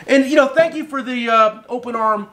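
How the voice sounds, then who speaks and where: A man's voice: very high-pitched, brisk, fairly bright tone. A middle-aged man hosting his own show, telling a long story in a loose, rambling way and swearing casually. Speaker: host and tool company owner.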